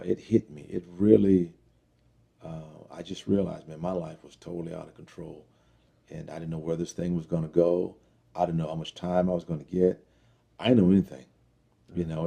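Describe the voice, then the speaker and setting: Gravelly low-voiced man telling his story. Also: fairly even intonation, dark tone. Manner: earnest, reflective, halting with fillers. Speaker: interview guest telling his life story. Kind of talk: personal testimony interview.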